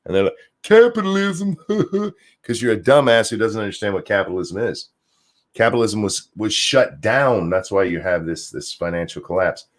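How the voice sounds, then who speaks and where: A man's voice: on the low side, fairly quick. A man hosting a stream, ranting sarcastically and profanely as he reacts to viewer comments. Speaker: streamer host.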